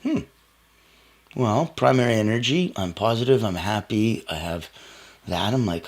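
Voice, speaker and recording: A man giving a motivational talk, coaching listeners directly in an emphatic, animated way. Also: on the low side, a little slow, pauses often. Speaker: motivational speaker.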